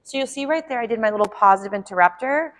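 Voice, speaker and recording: A woman's voice: a little high, quick pace, a bit bright. Friendly woman dog trainer explaining. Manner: friendly and explanatory, with frequent ums and asides to the puppy. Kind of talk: instructional dog-training demo. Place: at home, training a puppy.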